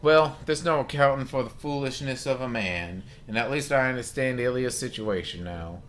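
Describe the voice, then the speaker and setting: A sassy, motherly barkeeper woman with a halfhearted Southern drawl, calling everyone honey, as a man reads her lines. The voice stays close to his own normal pitch and sounds bright and forward. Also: moderate pace, soft background music, natural voice. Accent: attempted Southern US. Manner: drawling, calls listener honey.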